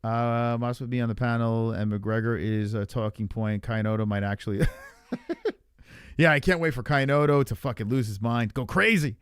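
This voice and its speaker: A man's voice: mid-range voice, normal speed, smooth, no room sound, clean studio sound. A young man streaming live, ranting loosely about fights with lots of swearing and reacting to chat. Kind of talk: livestream fight talk.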